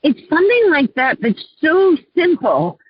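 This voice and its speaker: A woman life coach, a guest on an interview show, telling her clients' stories in an earnest, heartfelt way and often clearing her throat. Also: high-pitched, sing-song, measured pace, lo-fi sound, a little hiss or hum.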